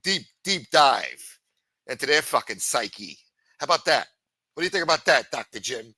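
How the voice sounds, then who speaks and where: A male livestream host rants in a sarcastic, profanity-laced tirade. His pitch swings widely and his tone is bright and cutting. The sound is close and dry. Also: big pitch swings, normal speed, slightly rough, dry recording, rough recording. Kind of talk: ranting livestream commentary.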